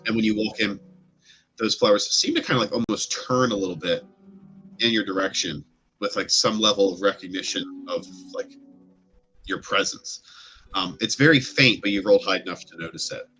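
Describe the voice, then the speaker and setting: Low, bright-voiced male game master. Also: moderate pace, faint music behind. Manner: meandering descriptive narration with many fillers. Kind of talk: narrating a tabletop game.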